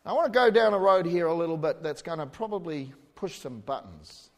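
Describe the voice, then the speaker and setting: A man from New Zealand with a New Zealand accent, preaching a sermon in a conversational way with joking asides and shouted emphasis. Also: on the high side, expressive, brisk. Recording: hall reverb.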